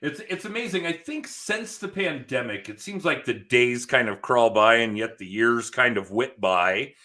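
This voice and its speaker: A man's voice: medium pitch, animated, moderate pace, bright, forceful tone. A man hosting a podcast over a video call, talking in a loose, jokey, chatty way and laughing often. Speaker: podcast host and sales coach. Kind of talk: casual chat.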